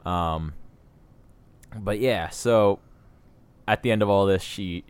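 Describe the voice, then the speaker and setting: A man co-hosting a casual podcast chat, relaxed and agreeable, with plenty of fillers. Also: lowish voice, slow, smooth, dry recording. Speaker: podcast co-host.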